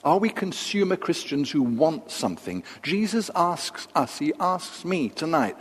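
A man's voice: on the high side, very animated, husky. Older man preaching in a reverberant church. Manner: measured, with pauses and asides. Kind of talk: sermon. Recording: long reverb of a large hall.

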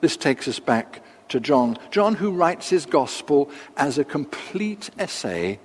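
An older man preaching a sermon, measured and unhurried, with pauses and asides. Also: a little high, sing-song, slightly rough. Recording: long reverb of a large hall.

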